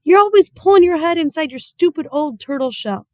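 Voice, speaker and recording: A woman's voice: fairly high pitch, fairly quick, no room sound, studio quality, voice pushed up, close to an everyday voice. A woman voicing a spirited, stubborn young girl who talks in a raised, emphatic way. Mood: shouting.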